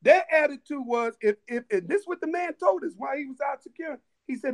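A man telling stories in a casual chat, animated, with many restarts and laughing asides. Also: extremely high pitch, fast talker, few pauses. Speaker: guest storyteller.

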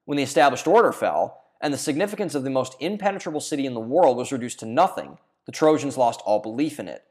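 A man's voice: medium pitch, expressive, fast, darkish tone. A man narrating a scripted video essay in an earnest reading manner, now and then stumbling and restarting a phrase.

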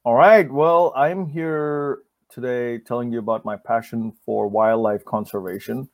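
A man's voice: mid-range voice, fairly even intonation, a little slow, no echo. A man in his late thirties from India, a wildlife conservationist guest on a video call, who often laughs and restarts his words. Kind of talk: casual interview.

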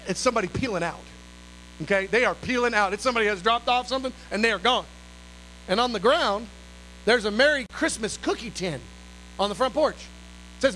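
Male ministry leader, animated sermon storyteller, high and lively voice. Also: brisk, pauses often, slight background noise, rough recording. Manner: animated, exclamatory, acts out voices.

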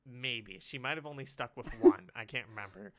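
A man's voice: mid-range voice, sing-song, moderate pace, gravelly, a crowd in the background. A young man telling a story in casual chat, rambling with lots of fillers and laughing often.

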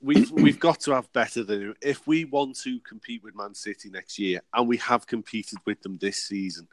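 A man in casual banter, crude and quick to laugh, with a mid-pitched voice. He speaks over a remote call on a dry, close line with no room sound. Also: dry recording. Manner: jokey, crude, laughs often.

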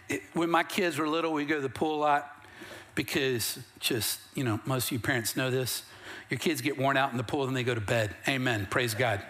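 A man's voice: mid-range voice, fairly bright tone. A middle-aged man preaching a sermon as pastor, moving between plain, conversational storytelling and rising bursts of emphasis. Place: church sanctuary.

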